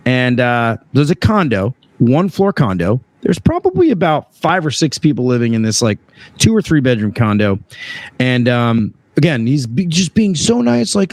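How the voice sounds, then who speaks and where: Animated storytelling man, lively pitch. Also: moderate pace, no echo. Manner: animated, acts out voices with big pitch jumps. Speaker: HVAC sales rep telling a story. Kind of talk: casual podcast storytelling.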